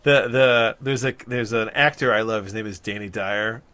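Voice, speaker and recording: A middle-aged New Jersey man co-hosts a podcast, chatting loosely and rambling, frequently restarting sentences and breaking into laughter. His voice is on the lower side, pushed and bright, at a normal speed.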